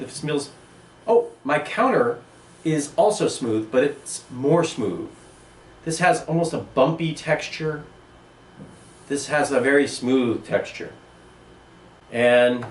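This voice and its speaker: A man's voice: on the high side, far from the mic. A musing man teacher in an echoey room. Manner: musing, thinks aloud as he touches things. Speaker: art teacher. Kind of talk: casual lesson, handling objects. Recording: echoey room, voice from away from the mic, faint background hum.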